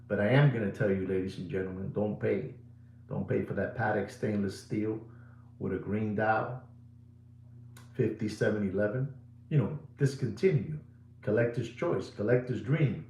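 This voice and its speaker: A middle-aged man hosting a live watch sales show. He is repetitive and showy, swings between booming and hushed delivery, and slips Spanish words into his English. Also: creaky. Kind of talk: live sales pitch to viewers. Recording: roomy echo.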